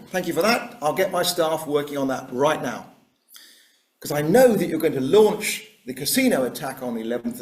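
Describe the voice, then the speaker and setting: A man giving a history lecture, acting out generals' conversations as a lively storyteller. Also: fairly high pitch. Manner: animated storyteller voicing generals in dialogue. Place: lecture room. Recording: echoey room, Zoom recording.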